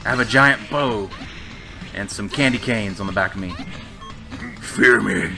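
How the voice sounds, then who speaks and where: A man's voice: lowish voice, unhurried, vocal fry, over music. A man playing a cute, deadly little fighter girl. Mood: mock-menacing. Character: cute but deadly female game fighter.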